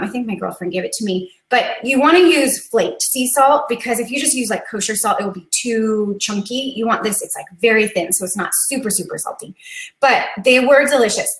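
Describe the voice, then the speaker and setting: Earnest, chatty woman host, thirties, slightly high-pitched, live-stream chat recorded in a roomy space. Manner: chatty and earnest, gets teary, laughs easily. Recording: echoey room.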